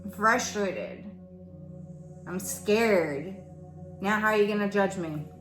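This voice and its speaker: A woman's voice: mid-range voice, takes it slowly. A middle-aged woman doing a casual tarot reading, talking frankly and swearing as she thinks aloud. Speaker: tarot reader. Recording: roomy echo with soft music behind.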